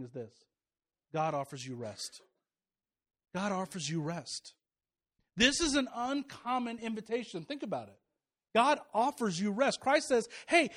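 A man in his thirties preaching a sermon, animated and joking, swinging between loud punchy lines and quiet drops. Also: high-pitched. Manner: animated, joking asides, rising and dropping volume. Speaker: pastor.

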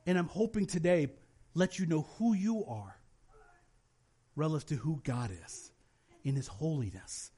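A male pastor delivering a sermon with a notably high-pitched voice. He tells lively personal stories and slips into the voices of the people he quotes. His delivery is animated and conversational. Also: a little slow, pauses often, husky. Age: adult, has children.

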